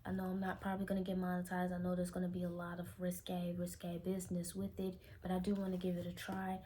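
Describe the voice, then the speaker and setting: A woman's voice: on the low side, monotone, fast talker, mellow, slight background noise. Candid young Chicago woman vlogging. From Chicago, Illinois. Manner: rambling, self-correcting, candid. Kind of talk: casual unscripted vlog. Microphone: phone camera.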